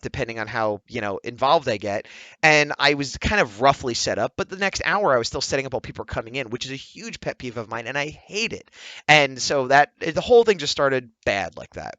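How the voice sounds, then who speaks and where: A man's voice: medium pitch, dry recording, highs cut off. A man vlogging casually, telling an exasperated story, acting out what each person said. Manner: animated, exasperated storytelling with quoted dialogue. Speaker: vlogger and comic artist. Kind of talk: casual vlog rant.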